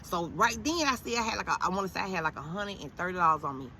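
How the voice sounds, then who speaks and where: A woman in her thirties tells a story in a casual, profane way and acts out every line she quotes. Her voice is bright and a little tense. A faint hiss runs under the recording. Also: fairly low pitch. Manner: animated, profane, quick to quote others.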